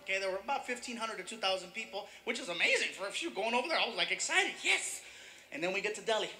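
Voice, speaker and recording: A man doing stand-up comedy, telling an animated story and shouting some punchlines. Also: sits high, rapid-fire.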